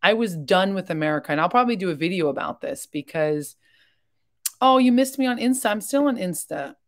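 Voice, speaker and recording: A woman's voice: mid-range voice, expressive. A woman hosting a casual livestream, rambling in a chatty way and talking openly and emotionally while reading viewer comments. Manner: chatty and rambling, with quick jumps between topics. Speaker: livestream host reacting to videos.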